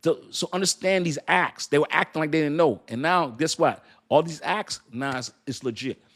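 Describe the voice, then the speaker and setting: A man giving animated, casual crypto commentary, laughing often and preaching with slang. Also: a little high, moderate pace. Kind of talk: casual talk to camera.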